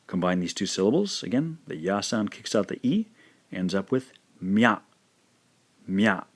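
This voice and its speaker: A man teaching a language lesson, patiently saying each sound twice in a careful, drawn-out way. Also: lowish voice, very animated, a little mellow, slightly rough. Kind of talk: slow, careful spoken lesson.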